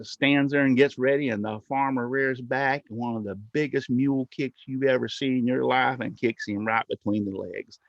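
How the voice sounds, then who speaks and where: A man's voice: mid-range voice, no room sound. Older man, folksy storyteller, chuckles, dull dry lo-fi stream audio. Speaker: host. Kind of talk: casual livestream chat and joke telling.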